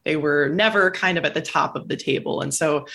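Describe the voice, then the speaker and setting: A woman from the American Midwest, a guest on a podcast, joking in a deadpan way. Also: sits low, fairly quick, creaky. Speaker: podcast guest, food writer. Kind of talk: casual podcast chat.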